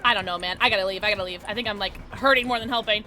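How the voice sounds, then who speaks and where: Bright, bubbly woman streamer. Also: medium pitch, steady tone, racing. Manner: bubbly, playful slang, talking to chat. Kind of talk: live gameplay commentary with chat.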